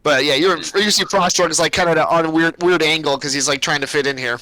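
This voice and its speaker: A man's voice: a little high, steady tone, fast, sharp tone, poor audio. A man narrating as game master in a casual, rambling way, full of fillers.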